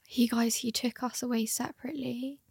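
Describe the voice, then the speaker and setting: A woman's voice: fairly high pitch, steady tone, fairly quick, vocal fry, darkish tone, slightly rough, no room sound, studio quality. A young woman co-hosting a podcast in casual, chatty talk, full of "like". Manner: chatty, filler-heavy, lots of "like". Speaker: podcast co-host. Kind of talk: casual chat.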